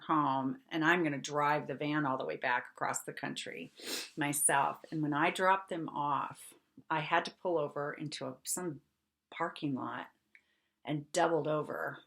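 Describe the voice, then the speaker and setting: A middle-aged woman hosting a podcast, telling a personal story in a lively, chatty way, laughing often and checking in with her listeners. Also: sits low. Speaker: podcast host.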